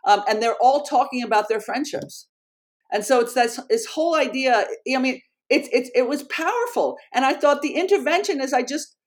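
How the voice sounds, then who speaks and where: A middle-aged woman researcher and author with a fairly high-pitched voice shares a story as an interview guest. Her delivery is earnest and animated, broken by frequent restarts.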